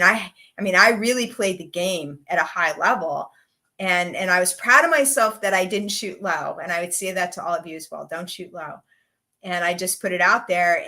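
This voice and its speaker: Bright-voiced chatty woman presenter. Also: on the low side. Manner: candid, chatty, frequent "like" and "you know". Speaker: webinar presenter, career coach. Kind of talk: casual live webinar talk.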